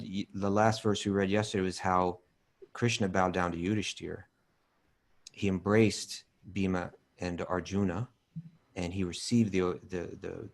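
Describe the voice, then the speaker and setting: A man co-hosting a spiritual talk show, chatting casually and calmly explaining a scripture reading. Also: low voice, creaky. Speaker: podcast co-host.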